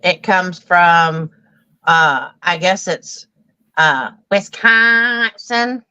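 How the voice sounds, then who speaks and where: A woman co-hosts a casual live stream and chimes in with anecdotes. Her voice is bright and sharp, heard through slightly dull, muffled audio. She talks in an easy, chatty way. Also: fairly low pitch, extremely slow, clear, resonant tone. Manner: chatty, laughs along, tells anecdotes. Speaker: co-host.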